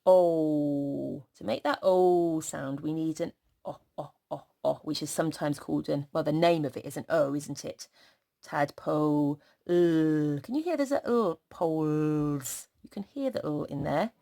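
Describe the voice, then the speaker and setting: A woman teaches small children to write a sentence. She speaks slowly in a sing-song, encouraging way, stretching out each letter sound as she goes. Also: low-pitched, gravelly, mellow. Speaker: primary school teacher.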